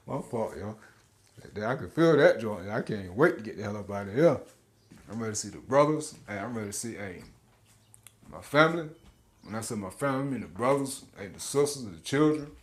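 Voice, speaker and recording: A man's voice: lowish voice, animated, fairly quick. Laughing, slangy man preaching scripture. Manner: casual slangy preaching, laughs often, repeats words. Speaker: street preacher. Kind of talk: informal scripture teaching.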